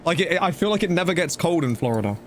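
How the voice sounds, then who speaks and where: A man's voice: fairly high pitch, lively intonation, quick pace, a little hiss or hum. Chatty man streaming a game. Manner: chatty and loose, talking to chat while playing, slangy with "bro" and "dude". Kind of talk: casual live-stream commentary.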